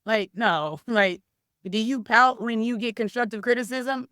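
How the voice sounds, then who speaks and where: A middle-aged woman, a softball coach, talking casually in an interview, telling stories with lots of "like" fillers and acting out quoted lines. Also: a little high, unhurried, smooth, no room sound, studio quality. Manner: animated storytelling, many "like" fillers, acts out quoted speech. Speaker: softball coach and former college player.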